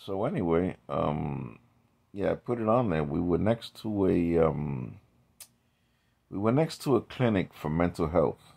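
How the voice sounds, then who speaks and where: Male vlogger, very low gravelly voice, rambling talker who restarts often. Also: expressive, unhurried, mellow. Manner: rambling, drifting into tangents with many restarts. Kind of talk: rambling casual monologue.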